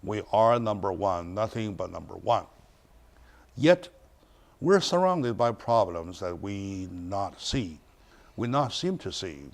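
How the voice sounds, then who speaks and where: A man hosting a studio talk show, introducing a guest and speaking in halting phrases with many restarts. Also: fairly low pitch, very animated, creaky.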